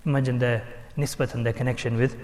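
A man giving a religious talk as a teacher, telling stories in an animated way and acting out the voices he quotes. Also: medium pitch, fast, in a large hall. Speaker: Islamic teacher. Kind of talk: sermon storytelling.

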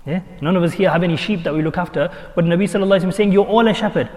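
A man delivers an animated sermon, pressing his listeners with rhetorical questions. His voice sits fairly high for a man. Long reverb trails each phrase, as in a hall. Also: very fast. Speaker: imam.

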